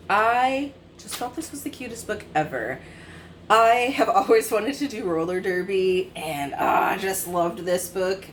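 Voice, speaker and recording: Rambling through a casual review of her reads, a woman in her twenties fills her talk with fillers and self-corrections. This book vlogger has an expressive, mid-range voice at a measured pace, with a little hiss or hum.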